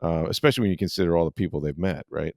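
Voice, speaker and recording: A man's voice: deep voice, rapid-fire, vocal fry, no echo, clean studio sound. A middle-aged man hosting a sports podcast, telling a rambling story in casual chat with lots of fillers.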